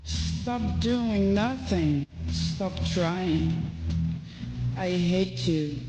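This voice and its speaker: A woman's voice: on the low side, lively intonation, drawn-out words, exaggerated voice. An actress playing an obsessive, unhinged young woman who chants the same phrases over and over. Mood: frantic. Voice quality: repetitive, incantatory delivery. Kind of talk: film acting, chanted monologue. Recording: echoey room with loud music.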